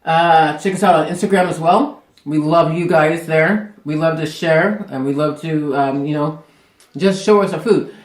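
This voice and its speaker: A man's voice: on the high side, a little slow. Chatty man hosting an echoey cooking vlog. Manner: chatty, rambling, laughs often. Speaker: cooking show host. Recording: echoey room.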